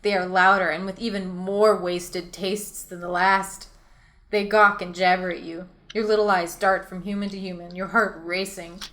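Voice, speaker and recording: A woman's voice: lowish voice, flat delivery, moderate pace, a bit bright. A woman reading her own choose-your-own-adventure story aloud as host, racing through it and often laughing at her own lines.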